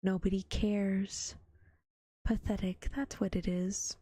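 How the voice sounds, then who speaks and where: A gloomy old donkey, voiced by a woman, drones slowly and mournfully. The whispered role-play sits lower than her usual voice and sounds dry. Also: flat delivery, mellow, breathy edge, dry recording.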